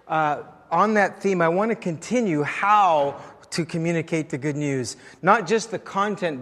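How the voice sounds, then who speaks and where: A middle-aged man preaches in an easy, story-driven way, his voice sitting a touch high for a man. Long reverb from the church sanctuary hangs after his phrases. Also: a bit bright. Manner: conversational, anecdotal. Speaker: pastor. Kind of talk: sermon.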